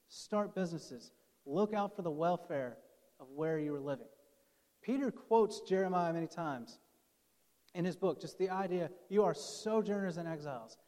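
A man's voice: high-pitched, darkish tone. A man preaching a conversational sermon as pastor, acting out the quoted speakers in his story. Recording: long hall reverb.

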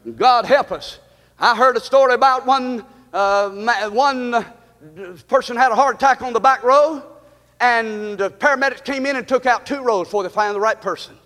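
A pastor preaching a fiery Easter sermon in a church, shouting in bursts and then dropping low. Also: male voice, moderate pace. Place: church sanctuary. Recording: long church reverb.

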